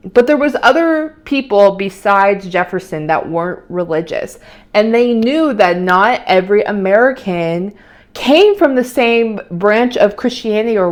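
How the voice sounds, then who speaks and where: A young adult woman vlogging in casual chat, rambling and opinionated, with many fillers and restarts. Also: mid-range voice.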